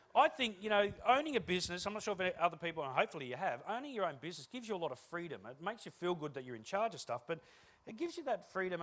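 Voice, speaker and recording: A man with a slightly high voice speaks from a stage, keynote style. He jokes his way through business stories, energetic and cheeky. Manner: energetic, joking storyteller. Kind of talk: humorous motivational talk.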